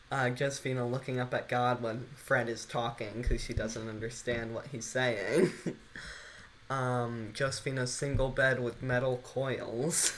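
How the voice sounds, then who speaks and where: A woman's voice: rumbling low, a bit bright, slight background noise. A young woman co-hosting a podcast, chatting casually and giggling as she reads out a list of favorite moments. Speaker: podcast co-host. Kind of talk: casual chat.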